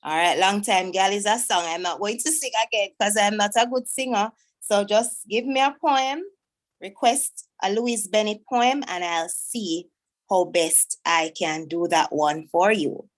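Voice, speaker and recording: A woman's voice: mid-range voice, unhurried. A woman, a teacher chatting to pupils in a self-deprecating way while she searches for a poem. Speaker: teacher hosting a school event. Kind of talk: casual talk to pupils online.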